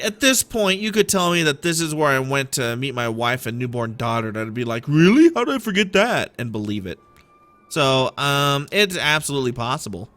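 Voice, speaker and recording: Male streamer, bright and lively, rambling self-mocking play-by-play. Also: medium pitch. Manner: rambling, playful, self-deprecating. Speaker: game streamer. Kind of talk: casual gameplay commentary.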